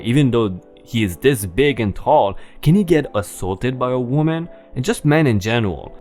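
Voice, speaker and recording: A man narrating online stories for a channel, reading aloud expressively and adding his own commentary. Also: medium pitch.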